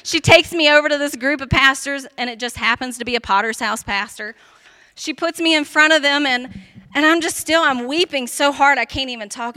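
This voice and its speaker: A woman with a high, sharp-edged voice tells her personal testimony. She speaks earnestly and emphatically, often with "like". The recording is dry and close. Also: fairly quick, no echo. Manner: earnest, emphatic storytelling with frequent "like" and laughs.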